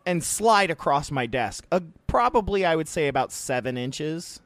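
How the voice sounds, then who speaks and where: A man co-hosting a casual podcast, telling stories in a rambling, animated way with frequent laughs. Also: on the high side, moderate pace, dry recording. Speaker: podcast co-host. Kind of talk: casual chat.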